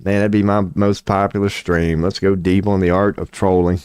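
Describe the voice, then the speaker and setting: A man's voice: sits low, little pitch movement, normal speed, a little mellow, clean tone, dry recording. A man in his forties chatting casually on a livestream, rambling and profane, laughing often as he talks. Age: 40s. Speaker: streamer.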